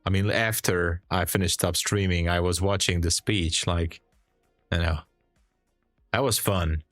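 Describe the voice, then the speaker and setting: A man's voice: low voice, steady tone, measured pace, a bit bright, no room sound, soft background music. A man hosting a day trading livestream, sleepy and rambling in a loose, chatty way. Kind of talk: casual live stream chat.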